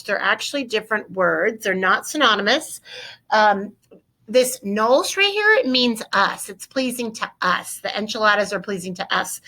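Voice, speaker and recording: A woman's voice: medium pitch, bright, forceful tone. A woman teaching a Spanish grammar lesson over a screen recording, upbeat and coaching, asking her students questions aloud.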